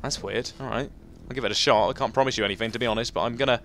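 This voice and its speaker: A man giving chatty, excitable let's play commentary, talking to himself as he plays. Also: fairly low pitch, racing, vocal fry, slight background noise. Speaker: gaming commentator.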